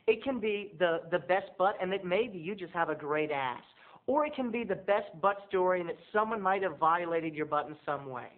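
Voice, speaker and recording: A man, a video blogger, telling a comic story to his viewers in an animated, theatrical way. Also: fairly high pitch. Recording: tinny phone-like sound.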